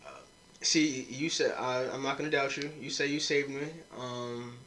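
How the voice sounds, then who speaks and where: A young podcast host speaks at a normal speed in a mid-range, slightly bright voice with fairly even intonation. Chatting casually with friends, he tells a rowdy drinking story, swearing and quoting people along the way.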